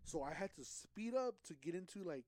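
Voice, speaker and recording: A young man co-hosting a podcast, telling a story in casual chat with heavy swearing and lively acted-out quotes. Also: sits high, brisk, no echo. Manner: profane animated storytelling. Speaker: podcast co-host.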